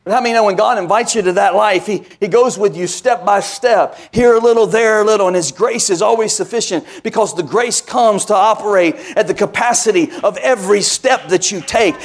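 A male pastor preaching a sermon, speaking to his congregation and calling for responses. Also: high voice. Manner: preaching with call-and-response asides.

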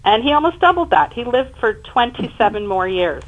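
A woman in her fifties, a guest on an interview show, telling her family's story in an emphatic, animated way. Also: fairly high pitch, moderate pace, highs cut off. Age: 50s. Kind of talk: personal storytelling in conversation.

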